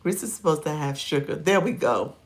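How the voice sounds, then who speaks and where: A woman's voice: low voice, expressive, a little fast. A middle-aged woman hosting a livestream, chatting playfully with viewers and laughing often between remarks. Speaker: livestream host and coach. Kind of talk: casual livestream chat, reacting to viewer comments.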